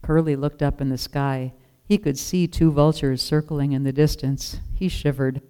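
A narrator reading a children's story aloud, gentle and expressive. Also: medium pitch, moderate pace, clean tone.

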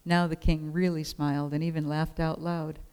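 Clear-voiced storybook narrator. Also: medium pitch, little pitch movement, normal speed, darkish tone, low-quality recording. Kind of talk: storybook read-aloud.

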